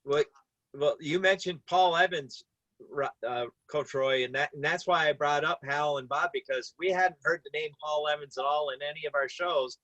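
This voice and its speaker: Bright-voiced co-host, dry lo-fi. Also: male voice, fairly high pitch, moderate pace, dry recording. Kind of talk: casual sports talk. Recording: dry dull lo-fi audio.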